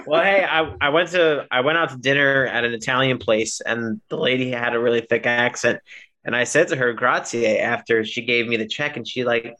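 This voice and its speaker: A man's voice: medium pitch, fairly even intonation, normal speed, sharp tone, highs cut off. A man co-hosting a podcast in casual chat, telling rambling stories and correcting himself as he goes. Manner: rambling, self-correcting storyteller. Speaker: podcast co-host.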